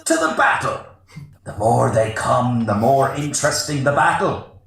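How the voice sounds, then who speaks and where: A man's voice: mid-range voice, measured pace, creaky, a bit bright, reverberant, pitched above the performer's own voice. A man voicing an angry, battle-hungry male dwarf warrior in a played-back audition clip, with a stereotyped Celtic-style accent. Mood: battle-eager.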